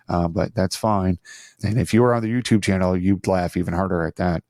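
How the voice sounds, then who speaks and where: Low gravelly-voiced man hosting a podcast. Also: fast, dark tone, no room sound, clean studio sound. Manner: rambling, self-deprecating, chatty with frequent restarts. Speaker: podcast host. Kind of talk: casual solo podcast talk. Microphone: studio microphone on an arm.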